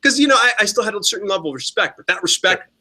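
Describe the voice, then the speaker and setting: A man co-hosting a casual podcast, riffing through stories with heavy swearing and sudden mimicked voices. His voice sits a bit high for a man and sounds bright and forceful. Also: very fast. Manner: profane, animated storytelling with mimicked quotes. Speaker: podcast co-host.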